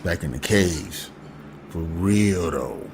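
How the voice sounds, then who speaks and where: A man with a low, gravelly voice hosts a casual livestream. He talks slowly in a loose, slangy way, but his pitch swings widely. The audio carries a steady hiss of noise. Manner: loose, joking and slangy, often trailing into laughter. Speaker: host.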